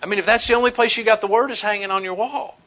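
Bright-voiced preacher man, folksy and animated. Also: high-pitched, rapid-fire. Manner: animated, folksy storytelling with humor. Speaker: pastor. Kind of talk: sermon.

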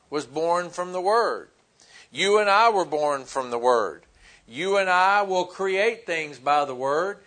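Male pastor, high voice, casual sermon delivery with filler words. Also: a bit bright. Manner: conversational preaching with fillers, acting out Bible dialogue.

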